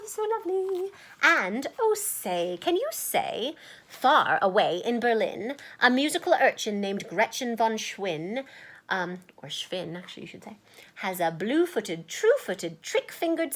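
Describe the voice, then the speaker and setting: A woman reading a children's picture book aloud, playful and chatty, with asides between the verses and sometimes dropping to a whisper. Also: fairly high pitch.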